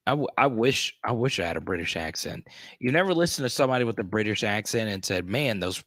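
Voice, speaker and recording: A man hosting a casual livestream, chatting with viewers and greeting them by name with bursts of excitement. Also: lowish voice, dry recording, studio quality. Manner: excitable, greets chatters loudly, many restarts. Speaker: host.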